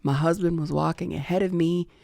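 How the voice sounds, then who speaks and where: A middle-aged woman hosting a podcast, speaking slowly and reflectively about personal grief, often hushed and emotional. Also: low voice, steady tone, gravelly, no room sound, clean studio sound. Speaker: podcast host.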